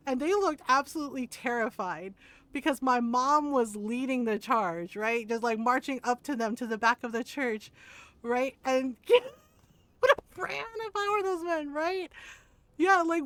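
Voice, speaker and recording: A chatty woman streamer spins a rambling family story, full of laughter and little asides. Her voice is high, and the sound is close and dry with no room around it. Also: fairly bright tone, no room sound. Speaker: game streamer. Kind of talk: casual storytelling.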